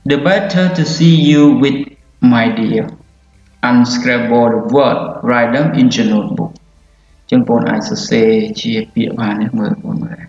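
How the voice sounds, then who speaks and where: A man's voice: mid-range voice, fairly even intonation, racing, darkish tone. A man from Cambodia with a Khmer accent teaching English, explaining words and switching languages. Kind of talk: bilingual language lesson. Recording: roomy, muffled with faint music.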